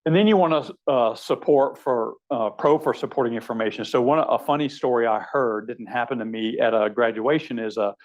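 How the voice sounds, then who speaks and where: A man's voice: medium pitch, a little fast, hardly any pauses, muffled recording. A man, a surgeon, giving a conversational teaching lecture, wry and anecdotal with frequent fillers. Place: lecture hall.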